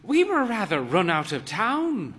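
A man's voice: huge pitch swings, a little slow, a bit bright, in a large hall, full character voice. A man doing a grand, frail old lady. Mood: airy, theatrical. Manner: high, airy and dramatic. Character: frail proud elderly woman, theatrical and grand.

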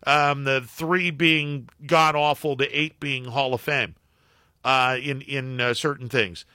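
A middle-aged former baseball broadcaster telling anecdotes as a guest, with halting restarts and acted-out quotes. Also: male voice, mid-range voice, no echo, clean studio sound. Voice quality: halting, many restarts and fillers. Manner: acts out quotes in animated anecdotes. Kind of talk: casual phone-in storytelling.

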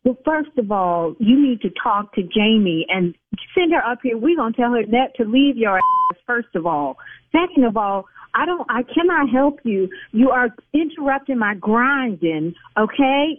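A woman's voice: a little high, expressive, moderate pace, dry recording. Exasperated woman on a tinny phone line. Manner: exasperated, defensive, scolding. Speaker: lash salon owner. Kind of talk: heated phone argument. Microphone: telephone.

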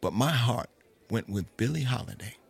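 A man voicing a proud, sharp-tongued woman jazz singer, sassy and commanding. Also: mid-range voice, lively intonation, moderate pace, creaky, husky, full character voice.

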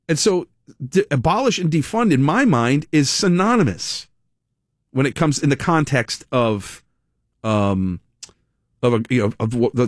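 A man hosting a talk radio show, speaking in an animated monologue full of sarcastic asides and self-corrections. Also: mid-range voice, no echo, clean studio sound. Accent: American. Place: radio studio. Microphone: studio microphone.

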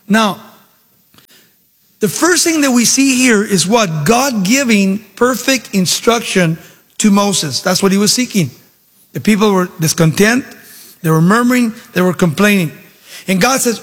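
A man preaching a sermon, with animated, sing-song emphasis and dramatic storytelling, in a church hall. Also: high voice, a little slow. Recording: long reverb of a large hall.

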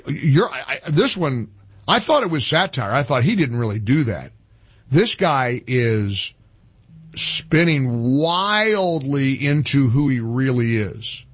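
Impassioned older radio host, husky. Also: male voice, no echo. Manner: impassioned, climbs high when ranting, repeats phrases. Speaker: radio talk show host. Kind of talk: talk radio monologue.

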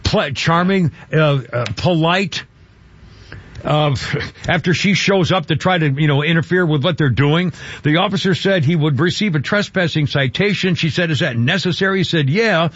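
A man's voice: a little high, moderate pace, fairly bright tone, dull audio. A man hosting talk radio, ranting in a mocking, indignant way with many restarts. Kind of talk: opinionated talk radio monologue.

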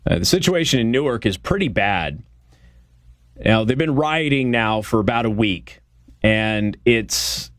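A man's voice: medium pitch, fairly bright tone, no echo. Man, talk show host, blunt opinionated monologue, dry close mic. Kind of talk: political talk commentary.

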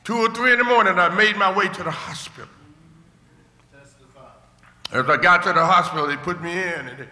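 An older male preacher giving a sermon testimony, moving from hushed storytelling to shouted rejoicing. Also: sits high, fairly quick, long pauses. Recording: echoey hall with long reverb.

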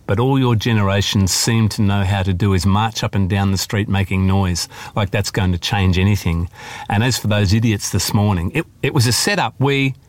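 A man's voice: on the low side, moderate pace, lightly acted. A man reading aloud, voicing a young woman activist who argues earnestly and pleads with her father. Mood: heated.

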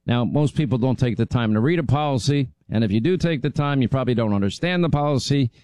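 A man's voice: medium pitch, quick pace, darkish tone, no echo. A man, the show's host, reading a sponsor ad in a loose, conversational way, with fillers and restarts. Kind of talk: conversational live-read ad.

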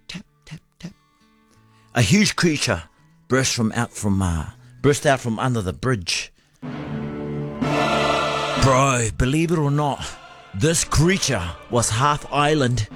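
A man co-hosting a casual chat, telling a story in an animated way, laughing often. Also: medium pitch, husky.

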